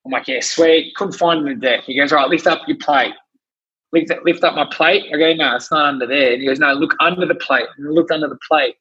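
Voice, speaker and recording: A husky-voiced man with a fairly high pitch, chatting casually as a podcast guest. He rambles through anecdotes, restarts his sentences and acts out what people said. The audio is a bit dull and muffled. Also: fast talker, few pauses. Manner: rambling, animated, many restarts and acted-out quotes. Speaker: gym owner and trainer, podcast guest. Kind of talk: casual storytelling chat.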